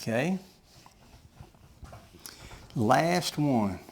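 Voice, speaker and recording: A man's voice: medium pitch, lively intonation, very slow, gravelly. A man teaching a math lesson, talking patiently through each step of his working aloud.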